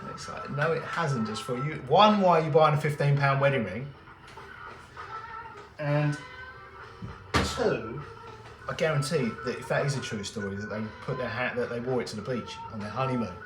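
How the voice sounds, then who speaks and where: A man hosts a live stream from his jewellery workshop, talking in a loose, rambling, wry way as he works. The room sounds open and echoey, with music playing clearly in the background. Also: mid-range voice, moderate pace. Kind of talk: casual chat while working.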